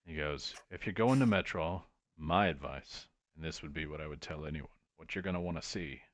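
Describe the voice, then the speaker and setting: A man's voice: rumbling low, a little fast. A man voicing a wistful, loyal shifter family man who talks in a nostalgic, rambling and blunt way. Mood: advising.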